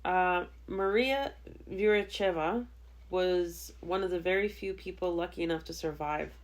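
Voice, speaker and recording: A woman hosts a podcast, recounting a true-crime case casually and matter-of-factly with dry humor. Her voice is fairly low and a little slow.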